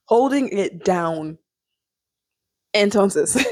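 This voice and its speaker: A young woman chatting casually as a vlogger reviewing a movie, animated and quick to laugh. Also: on the low side, no room sound. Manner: chatty, animated, laughs often, sings snippets.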